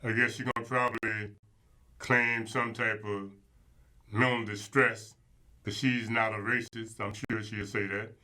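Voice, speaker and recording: A man's voice: on the low side, level tone, a little slow, sharp tone. A man giving opinionated casual commentary as show host, emphatic and colloquial, repeating words for stress.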